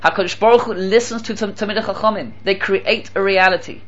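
A man giving a Torah talk as a sermon, animated and repeating phrases for emphasis, with Hebrew terms mixed in. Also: sits high, fast talker, dull audio. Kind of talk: sermon with storytelling.

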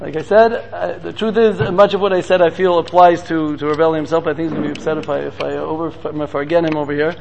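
Fast-talking, gravelly sermon storyteller man. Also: a little high, steady tone, a little hiss or hum. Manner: rapid, repetitive, with Hebrew terms. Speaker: guest speaker.

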